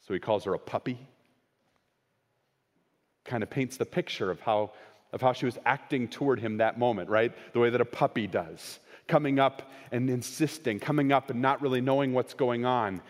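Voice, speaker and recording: A man preaching a sermon, swinging between raised, quoted lines and hushed, slowed emphasis. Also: medium pitch. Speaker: pastor. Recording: long hall reverb.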